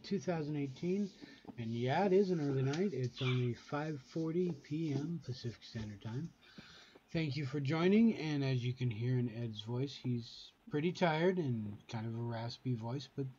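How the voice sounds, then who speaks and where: A man co-hosting a talk show and signing it off in a relaxed, easygoing way. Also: medium pitch. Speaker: co-host. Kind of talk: show sign-off announcement. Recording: dull lo-fi stream with faint noise.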